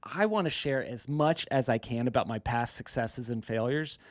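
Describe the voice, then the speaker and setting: A man's voice: mid-range voice, moderate pace, no echo. A man in his thirties from South Florida hosting a casual interview, upbeat and laughing often. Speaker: podcast host.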